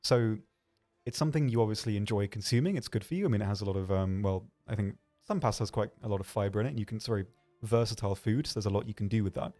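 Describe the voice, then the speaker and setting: A man with a lowish, mellow voice chats casually through a desk microphone as he answers viewer questions on a stream. He meanders through each answer with plenty of ums and restarts, and keeps a dry, deadpan humor. Soft music plays faintly in the background. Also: rapid-fire. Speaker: livestream host.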